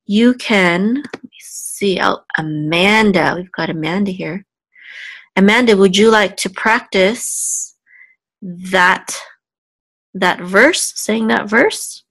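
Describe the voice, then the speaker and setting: A woman's voice: mid-range voice, a bit bright, no echo. A woman teaching a live online Hebrew lesson, going word by word and checking in with "okay?". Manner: patient, repeats words, checks in with "okay?". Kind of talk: slow step-by-step language lesson.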